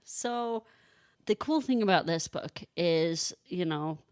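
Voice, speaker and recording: Young woman co-host, enthusiastic and gushing, slow steady delivery, dry recording. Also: fairly low pitch, no room sound. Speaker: podcast co-host. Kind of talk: casual chat.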